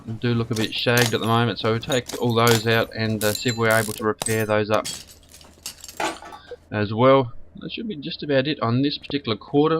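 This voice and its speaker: A man with a croaky, sniffly voice from a cold, giving rambling commentary on a car mechanic game as the channel's host. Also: mid-range voice. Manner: rambling, repeats and restarts words. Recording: noisy background.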